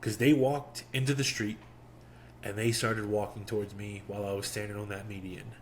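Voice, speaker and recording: A young man hosting a podcast, telling a personal story in a casual, animated way and acting out the quotes. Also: fairly low pitch, normal speed, a little hiss or hum. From Miami. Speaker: podcast host.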